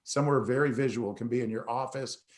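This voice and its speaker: A middle-aged man hosts a motivational talk, telling a personal story in a loose, conversational way. He breaks off and restarts often, and acts out the dialogue with energy. His voice sits at an ordinary middle pitch. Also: steady tone, quick pace. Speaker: host.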